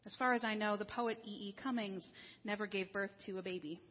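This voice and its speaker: Husky-voiced woman preaching in a reverberant hall. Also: medium pitch, steady tone. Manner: conversational and wry, slowing down for serious points. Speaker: minister. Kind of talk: sermon. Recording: dull lo-fi sound with long hall reverb.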